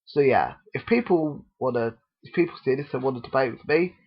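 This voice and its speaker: A man delivering a heated opinion vlog with a gravelly, husky voice. He argues hard and keeps hammering the same points. The recording sounds dull and lo-fi. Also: medium pitch, brisk. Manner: impassioned, argumentative, repeats his points. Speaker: vlogger.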